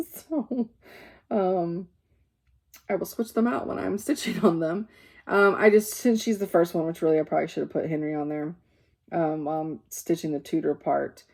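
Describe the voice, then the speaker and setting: A fairly low, gravelly, slightly mellow female voice belongs to a cross-stitch vlogger showing her works in progress. She's tired and yawning, chatting casually with rambling fillers and self-corrections.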